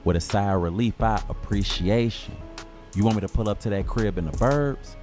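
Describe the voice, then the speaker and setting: A man's voice: on the low side, normal speed, soft background music. A man narrating a comic street story in slang, acting out the dialogue. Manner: slangy and animated, acts out dialogue.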